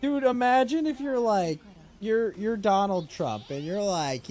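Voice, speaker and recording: High, lively man ranting with crude jokes. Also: unhurried. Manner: crude, mocking rants with bursts of laughter. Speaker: streamer host. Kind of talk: casual livestream chat.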